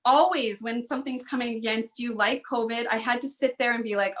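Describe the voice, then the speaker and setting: A woman's voice: fairly high pitch, brisk, hardly any pauses, a bit bright. A woman guest on a podcast, an author and speaker, talking earnestly and emphatically, telling a story with repetition. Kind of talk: motivational interview talk.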